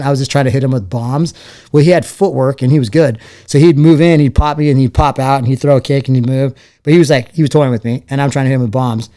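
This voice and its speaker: A man tells his story loosely and casually as a guest. He plays out the voices of the people in his stories, and his pitch rises and falls as he does. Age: 40s. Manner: animated storyteller acting out quoted voices. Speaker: interview guest, former fighter.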